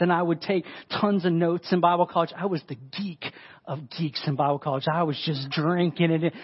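A man with a high voice preaches a sermon, talking in a loose, conversational way and pressing hard on his points. The recording is dull and lo-fi. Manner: conversational and emphatic, with frequent "like". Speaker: pastor.

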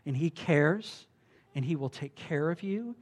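A pastor preaching in a relaxed, talky way, full of restarts and filler words. The voice sits at a middle pitch and keeps swinging from loud, emphatic stretches down to quiet, hushed asides. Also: a little slow. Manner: conversational, with frequent restarts and filler like "like". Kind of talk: sermon.

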